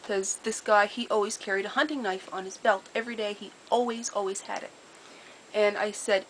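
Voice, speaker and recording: A woman telling a personal story in a casual, earnest way, detailed and steady, with small repeated restarts. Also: medium pitch, fairly quick, a little hiss or hum, low-quality recording. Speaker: storyteller sharing a personal memory.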